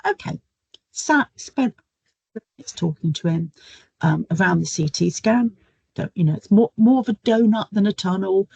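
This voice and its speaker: A woman's voice: medium pitch, moderate pace, gravelly, a little mellow, slightly rough, no room sound, rough recording. A middle-aged woman, talking through a webinar as a nurse educator in a chatty, storytelling way with frequent ums, over a video call. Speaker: guest speaker, nurse educator. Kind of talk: webinar talk with anecdotes.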